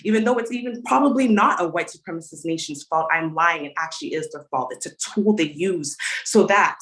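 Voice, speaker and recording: A young adult woman from Canada delivers spoken word poetry with fierce conviction. Her voice sits a little low, and she builds her lines through rhythmic, insistent repetition. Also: brisk, a bit bright, rough recording.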